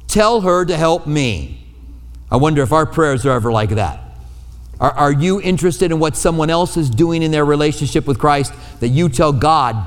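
Male pastor, relaxed conversational preaching, acts out quotes; long hall reverb on the recording. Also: on the high side. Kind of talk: sermon.

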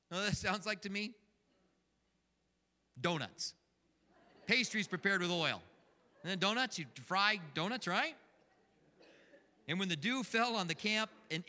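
An older man preaches with a bright, forceful edge to a fairly high voice. He talks conversationally and throws questions at his listeners. His voice rings with a long hall reverb. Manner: conversational, asks the congregation questions. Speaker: pastor. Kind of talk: sermon.

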